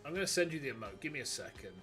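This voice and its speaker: Yorkshire streamer, rambling casual chat, lively pitch, faint music behind. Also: male voice, rapid-fire. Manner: chatty and rambling. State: tired, with a cold.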